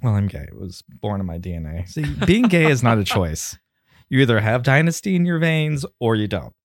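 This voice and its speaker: A man in his thirties chatting casually as a podcast co-host, campy and animated, slipping into squealed voices. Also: mid-range voice, a little fast, no room sound, studio quality. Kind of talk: casual chat.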